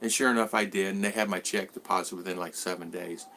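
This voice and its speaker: A man in his sixties with a bright, forward voice, chatting loosely on a live stream. He drifts from one thought to the next as he greets viewers by name and answers them. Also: deep voice, fairly even intonation, quick pace, slight background noise. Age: 60s. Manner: rambling, greets viewers by name and reads their comments. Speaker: vlogger host. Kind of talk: casual live-stream chat.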